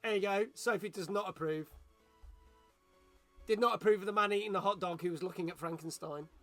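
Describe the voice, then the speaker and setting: Man, high and bright, joking stream host who reads chat aloud. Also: a little fast, faint music behind. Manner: joking, chatty, reads viewer messages aloud. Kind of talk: casual live-stream chat.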